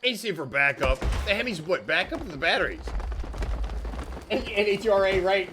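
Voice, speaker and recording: A man's voice: sits high, animated, normal speed, noisy background. A man hosting a livestream, chatting casually with viewers in a jokey way and laughing often. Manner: jokey, laughs often, says "dude" and "frickin'". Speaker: livestream host.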